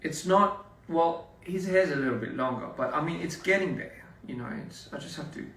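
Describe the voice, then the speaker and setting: A man's voice: a little high, moderate pace. Man, rambling and roomy. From Australia. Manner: rambling and relaxed, with many restarts and fillers. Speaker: performer talking to fans. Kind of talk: casual livestream chat. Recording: roomy, somewhat distant phone audio.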